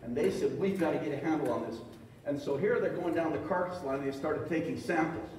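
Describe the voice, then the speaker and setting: A man's voice: fairly high pitch, brisk, a crowd in the background. A man giving a folksy, joking presentation to a live audience, with acted-out quotes. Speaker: presenter at extension talk. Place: large echoey meeting hall. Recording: echoey hall recorded from far off.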